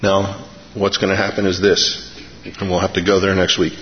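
Speaking at a normal speed in a low voice, this middle-aged male pastor brings his sermon's stories to life, imitating the characters' voices. A faint hiss or hum sits under the dull, echoey hall sound.

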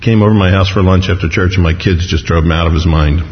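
A man's voice: sits low, steady tone, fast talker, slight background noise. A man preaching a sermon, telling stories in a chatty, self-mocking way and often laughing. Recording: echoey hall, dull lo-fi sound.

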